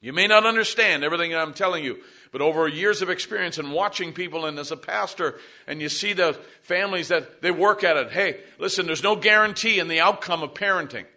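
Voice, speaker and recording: A man's voice: a little high, fairly quick, pushed and bright. A middle-aged male pastor preaching a sermon, pressing points with emphasis and calling for amens from the congregation.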